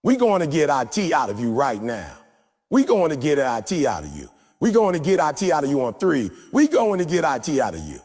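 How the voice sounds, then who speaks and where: A man's voice: on the high side, wildly swooping pitch, brisk. A man giving a live motivational speech to a crowd in a large hall, preaching and leading the audience in call-and-response chants. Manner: forceful, repetitive exhortation. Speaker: motivational speaker. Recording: long hall reverb with faint music.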